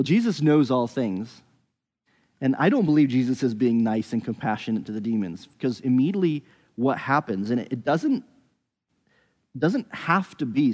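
A man's voice: medium pitch, a little mellow. Man teaching scripture in a reverberant hall. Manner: thinks aloud, with frequent restarts and hedges. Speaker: Bible teacher. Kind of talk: conversational Bible teaching.

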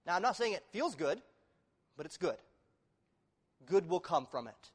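A male pastor delivers a sermon in a slightly high voice, rising to loud, emphatic declarations and then sinking to hushed, earnest appeals. His words ring out with the long reverb of a large church hall. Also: very animated, measured pace, slightly rough. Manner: emphatic preaching that swings from loud exclamations to low, hushed appeals. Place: church sanctuary.

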